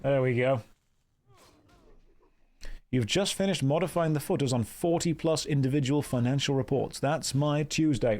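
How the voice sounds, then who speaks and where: A young man with a Midwest American accent, chatting through a game stream at an easy middle pitch. He reads his chat aloud and answers it with dry, teasing humor, switching between jokes and quick game notes. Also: darkish tone. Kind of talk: casual live-stream commentary.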